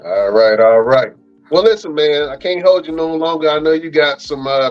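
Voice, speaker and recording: A man's voice: a little high, moderate pace, highs cut off, faint music behind. A man hosting a wrestling podcast, casually running through the show's plugs in a laid-back, slangy, rambling way. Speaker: podcast host.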